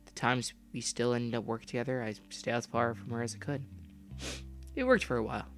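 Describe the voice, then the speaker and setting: A young man reading a game story aloud and breaking off into profane, loud comments. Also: medium pitch, fairly even intonation, a little fast, faint music behind. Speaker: gamer reading a visual novel aloud.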